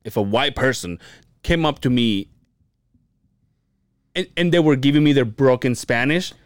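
A man's voice: mid-range voice, expressive, measured pace, clean tone, dry recording. A young man co-hosting a podcast, talking casually, rambling with restarts, cursing and laughing. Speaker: podcast co-host. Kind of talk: casual chat.

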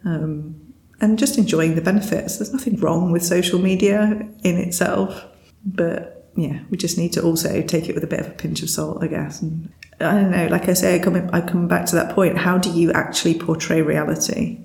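A woman with a low, gravelly voice talks things over in a relaxed, thoughtful way, laughing easily between ideas. She recounts a story with animated quoted voices. The sound carries a noticeable room echo. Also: moderate pace. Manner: thoughtful, laughs often, retells stories with lively quoted voices. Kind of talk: casual reflective chat.

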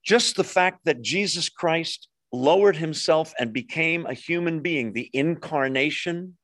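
A man's voice: fairly high pitch, a little slow, no echo. A man preaching a sermon and teaching verse by verse, putting questions to his listeners. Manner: expressive preaching, asks the congregation questions. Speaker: pastor.

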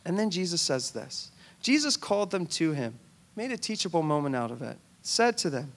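A male pastor preaching a conversational sermon, retelling a scripture story in an animated, storytelling way. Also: a little high, moderate pace.

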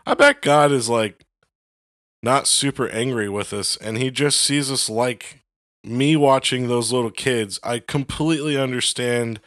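Animated young man saying "like" a lot. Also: mid-range voice, measured pace, dry recording, studio quality. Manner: animated, heavy on "like", acts out voices. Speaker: podcast co-host. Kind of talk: casual faith chat.

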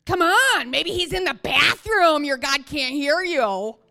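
A woman voicing a bold, scornful old male prophet, loud and taunting, within a sermon. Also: very high voice, animated, takes it slowly, creaky, pitched above the performer's own voice, exaggerated voice.

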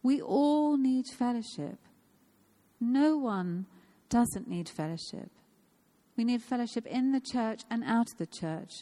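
A woman's voice: fairly high pitch, expressive, takes it slowly, mellow. A woman of fifty giving an informal, personal sermon in a church, earnest and repeating phrases for emphasis. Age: 50s. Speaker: church speaker.

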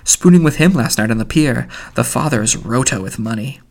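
A man's voice: medium pitch, animated, normal speed, creaky. A man reading aloud and voicing a chatty young man trading gossip. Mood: gossipy.

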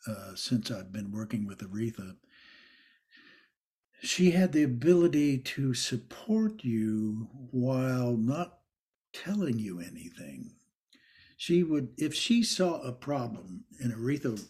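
A man's voice: medium pitch, a little mellow. Older guy telling old workshop stories, stop-start, lots of little laughs. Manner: rambling, halting, with frequent restarts and laughter. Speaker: interviewee recalling a former teacher. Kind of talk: anecdotal reminiscence.

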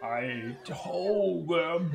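A man's voice: lively intonation, drawn-out words, creaky, reverberant, distant mic, noisy background, heavily acted. A man voicing a dying, slurring beaten man. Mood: faint slurring. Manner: low slurred mumble, broken words. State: near death, crying. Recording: audiobook with music behind.

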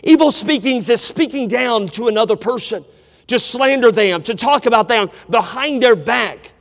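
A man preaching a sermon to a large gathering, emphatic, swinging from loud declarations to hushed asides. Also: extremely high pitch, lively intonation, normal speed. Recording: long hall reverb.

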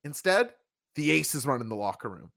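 A man hosting a wrestling review show in casual chat, animated and emphatic. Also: mid-range voice, fairly quick, gravelly, no echo, clean studio sound. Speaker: podcast host reviewing wrestling.

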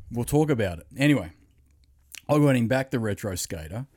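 A man hosting a podcast, telling a rambling, profane story in casual chat, a little hoarse. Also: medium pitch, lively intonation, brisk, darkish tone. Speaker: podcast host.

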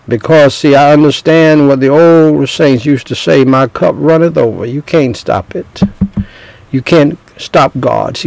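Slow gravelly preacher man, dry sound. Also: darkish tone, no echo, poor audio. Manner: emotional, tearful at times, repeats words, rises in pitch when stirred. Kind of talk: sermon.

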